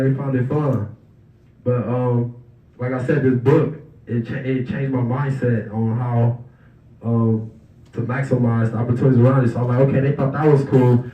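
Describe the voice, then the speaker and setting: Young male guest speaker, easygoing storyteller, heard from a distance in an echoey hall. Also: mid-range voice. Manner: relaxed and conversational, acting out quoted voices. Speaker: guest speaker at an awards banquet. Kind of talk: casual storytelling speech. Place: banquet hall. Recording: roomy, distant, dull hall recording.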